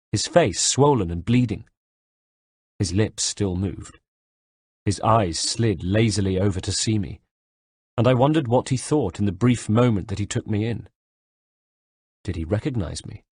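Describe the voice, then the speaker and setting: A man narrating an audiobook in the first person with a measured, dramatic delivery. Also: lowish voice, darkish tone, breathy edge, dry recording, studio quality.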